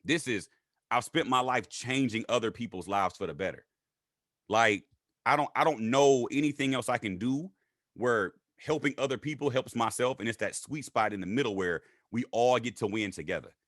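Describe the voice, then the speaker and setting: A man telling his story in a casual interview, animated and acting out what others said in raised voices. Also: moderate pace, no echo, clean studio sound. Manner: animated, acts out quotes in high voices. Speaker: guest.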